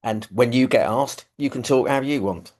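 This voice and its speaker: A man's voice: medium pitch, moderate pace, a little mellow. A man with a London accent, speaking from his living room on a video call, telling his recovery story in a casual, self-deprecating way with many fillers. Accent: London English. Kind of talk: personal testimony, casual.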